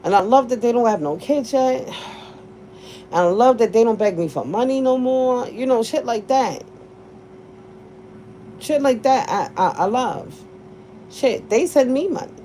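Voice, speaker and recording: A woman's voice: fairly high pitch, animated, measured pace, long pauses, mellow, slight background noise. A woman in her forties telling a casual story to her viewers, blunt and profane, laughing often as she talks. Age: 40s. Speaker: vlogger.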